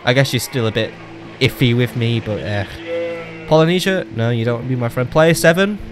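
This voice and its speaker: A man's voice: medium pitch, fairly quick. Jokey man narrating his strategy game. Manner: chatty and jokey, talks to game leaders, swears. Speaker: gaming channel host. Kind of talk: casual let's play commentary. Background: game music.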